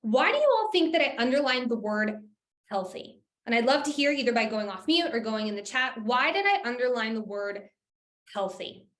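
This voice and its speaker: A woman's voice: a little high, big pitch swings, moderate pace, a bit bright, reverberant. A woman presenting an interactive workshop as a coach, upbeat and engaging with her audience over a video call. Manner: upbeat, engaging, calls out to the chat.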